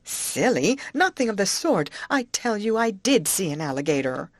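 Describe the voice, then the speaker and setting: A woman voicing an easily frightened, excitable young girl who cries out shrilly. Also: normal speed, no room sound, clean studio sound. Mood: insistent. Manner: shrill, high-pitched cries.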